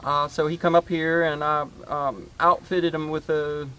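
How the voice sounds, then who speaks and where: A man's voice: fairly high pitch, level tone, bright, forceful tone, clean tone. A man hosting his homestead channel, chatting casually outdoors in his garden and rambling with lots of fillers. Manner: rambling, halting with many fillers.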